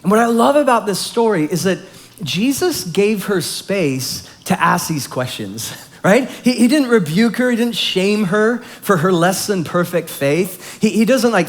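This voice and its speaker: A man's voice: sits high, expressive, unhurried. A male pastor preaching a sermon, explaining scripture in a conversational way and building emphasis on key points.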